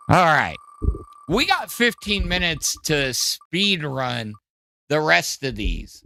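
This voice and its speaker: A man from Wisconsin with a Midwestern accent, hosting a podcast and pitching gifts in a hyped salesman style. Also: sing-song, takes it slowly, vocal fry, sharp tone. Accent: Midwestern American. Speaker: podcast host. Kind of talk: casual chat, gift pitches.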